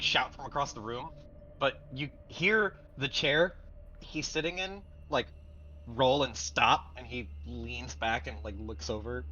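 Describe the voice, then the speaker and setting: A male game master casually describes the scene for his players. His voice is bright and sharp. The muffled recording carries a faint hiss and ambient sound behind him. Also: mid-range voice. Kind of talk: narrating a tabletop game. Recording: muffled lo-fi mic.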